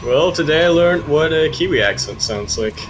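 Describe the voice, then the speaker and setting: Animated man casting a strategy game. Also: fairly high pitch, moderate pace, crowd noise, low-quality recording. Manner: playful, jokey banter. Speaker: esports caster. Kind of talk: casual live game commentary.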